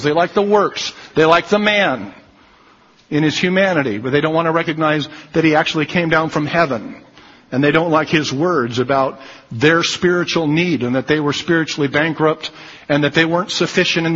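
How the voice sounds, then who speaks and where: A man's voice: on the high side, a bit bright, slightly rough, long reverb tail, highs cut off. A man preaching a sermon, emphatic and repeating his key phrases.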